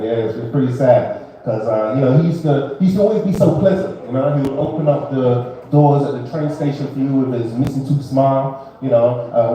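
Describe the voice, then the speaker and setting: A man's voice: medium pitch, mellow. A man performing a rambling, laid-back stand-up set at an open mic, full of fillers. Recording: roomy club sound from a distance.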